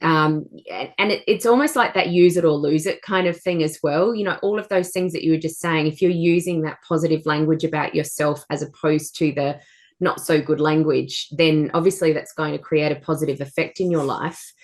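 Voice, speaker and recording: Woman coach, very low voice, enthusiastic, encouraging. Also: steady tone, a little fast. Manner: enthusiastic, encouraging, gives everyday examples. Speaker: co-host and coach. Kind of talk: casual coaching chat.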